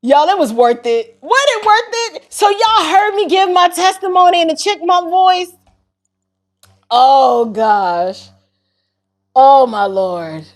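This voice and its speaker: A woman's voice: high-pitched, lively intonation, takes it slowly. Giddy laughing woman livestreamer. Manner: laughing hard, giddy, breaking up. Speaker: livestream host. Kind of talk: casual livestream chat.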